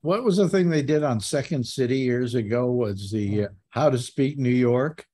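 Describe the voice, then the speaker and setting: A man hosting a casual group chat, teasing his guests and telling stories with lively energy. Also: mid-range voice, moderate pace. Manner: teasing, animated storyteller. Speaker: host.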